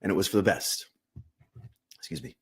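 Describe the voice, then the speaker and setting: Husky-voiced man teaching meditation. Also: on the low side, animated, moderate pace. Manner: earnest and emphatic, repeats words for stress. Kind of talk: unscripted teaching talk on meditation.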